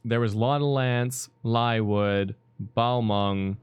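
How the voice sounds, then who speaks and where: A man's voice: medium pitch, steady tone, takes it slowly, smooth, lo-fi sound. A man streaming a game, reading the dialogue aloud and bantering playfully. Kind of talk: live let's-play commentary and reading dialogue.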